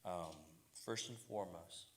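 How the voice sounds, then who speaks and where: Deep-voiced confident man giving advice. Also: measured pace, slight background noise. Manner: confident, direct, coach-like advice. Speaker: panelist. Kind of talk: casual panel discussion.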